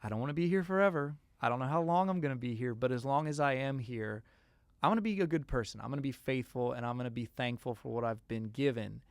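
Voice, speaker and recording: On a dry recording, a man with a mid-range voice talks fast. He's a songwriter guest in a casual interview, telling stories animatedly and acting out the voices of the people he quotes.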